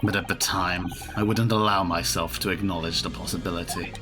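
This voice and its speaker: A man voicing a proud, bitter British male prosecutor in a fan-read game, speaking with grave, deliberate formality. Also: low voice, fairly even intonation, music in the background, lightly acted.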